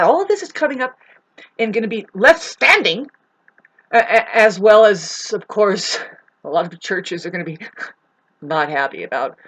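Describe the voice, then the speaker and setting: A woman delivering a rambling spiritual monologue from home, swearing and breaking into emphatic outbursts. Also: fairly low pitch. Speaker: spiritual astrology vlogger.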